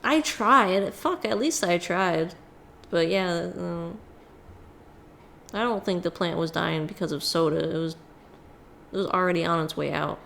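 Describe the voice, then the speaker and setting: A woman streamer casually chatting through a game, sarcastic and quick to swear. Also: fairly low pitch, creaky, a little hiss or hum. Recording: music playing loudly behind.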